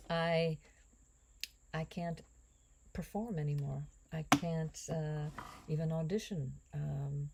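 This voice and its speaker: Woman host, low and unhurried, mellow tone; cooking vlog chat full of rambling asides. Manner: rambling, musing aloud with drifting asides. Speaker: home cook and actress.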